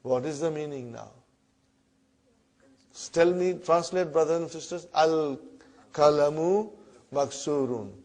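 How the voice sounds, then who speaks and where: A man teaching a classroom Arabic lesson in English, repeating words slowly and checking in with the students as he goes. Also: fairly high pitch, darkish tone. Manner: repeats words slowly, often asks "huh?" and "brother".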